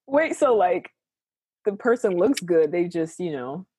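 A woman's voice: on the low side, sing-song, a little slow, a little mellow, breathy edge, low-quality recording. A young woman co-hosting a casual podcast chat, laughing often as she talks. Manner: giggly, laughs often while talking. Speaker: podcast co-host.

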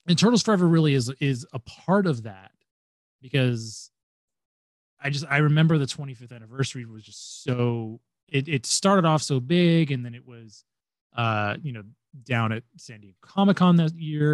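A young man rambling through a casual fan chat on a podcast, full of fillers and restarts. His voice sits at an ordinary middle pitch. It is recorded close and dry, with no room sound. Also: animated, normal speed, dry recording. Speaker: podcast co-host.

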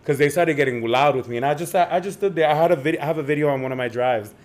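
A man's voice: on the high side, quick pace. Sassy young man telling a story. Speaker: podcast co-host. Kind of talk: casual storytelling chat.

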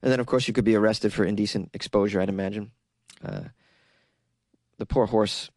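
A man's voice: fairly low pitch, fairly even intonation, a little fast, a little mellow, no echo. A young man from Massachusetts with a Massachusetts accent, riffing sarcastically on an odd news story and laughing at his own jokes. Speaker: comedic news commentator.

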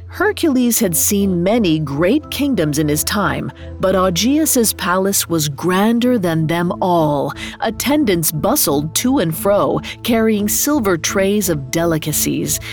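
Woman narrator, low-ish and slow, lively pitch, myth storytelling over faint music. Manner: measured, expressive reading with character voices.

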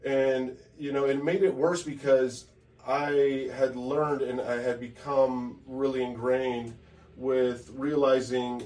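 A man's voice: medium pitch, level tone. Hesitant man in a roomy, distant recording. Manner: halting, restarts often, soft and reflective. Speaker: podcast co-host. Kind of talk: casual personal chat. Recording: roomy echo, from far off the mic.

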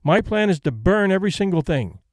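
A man reading as a brisk elderly lady. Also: sits high, big pitch swings, dry recording, studio quality, voice pushed up. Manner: brisk, composed, decisive. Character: elderly invalid Englishwoman, brisk and practical.

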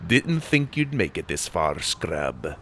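A man voicing a wicked bearded swordsman who taunts and sneers, pitched below his own voice. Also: big pitch swings, slow, a bit bright, exaggerated voice. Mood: sneering. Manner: taunting, smug.

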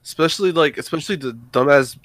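A man's voice: on the high side, fast talker, a bit bright, no room sound. A man arguing heatedly on a casual podcast, defensive and swearing often. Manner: profane, defensive, argumentative. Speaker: podcast co-host.

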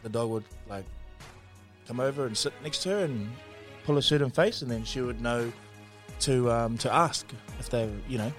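A man with a New Zealand accent co-hosting a podcast, telling stories in a laughing, animated way. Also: mid-range voice, moderate pace, soft background music. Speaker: podcast co-host. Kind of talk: casual chat.

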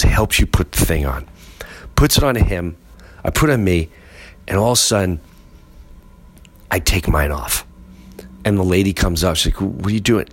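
A man hosting a podcast, telling a comic story with animated delivery and acting out other people's voices. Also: on the low side. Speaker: podcast host.

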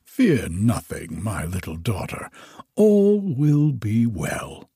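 A man voicing an old emperor in a storybook reading, speaking low, firm and soothing to his daughter. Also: sing-song, slow pace, mellow, husky, no echo, studio quality, heavily acted. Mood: reassuring. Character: old emperor, calm commanding father.

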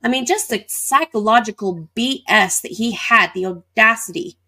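A woman's voice: fairly high pitch, normal speed, bright, forceful tone. Woman telling a personal story. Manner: vivid retelling with acted-out dialogue. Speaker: interview guest.

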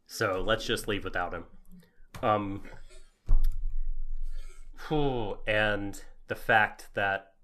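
A man's voice: lowish voice, extremely slow, long pauses, bright, forceful tone. A man co-hosting a casual podcast, rambling and breaking into giggles. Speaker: podcast co-host.

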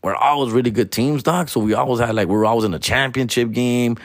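A man's voice: mid-range voice, quick pace, no room sound, clean studio sound. A young man telling a profane, casual story, mixing Spanish and slang.

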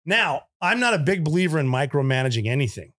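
Veteran male guest, slightly high voice, blunt and profane, lively anecdote teller. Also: quick pace. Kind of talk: casual war storytelling.

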